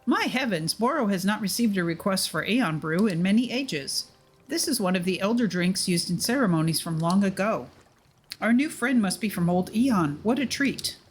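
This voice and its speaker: A woman's voice: mid-range voice, lively intonation, normal speed, soft background music, natural voice. A woman reading the lines of a kindly, formal male forest dweller who calls himself by name. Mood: wondering.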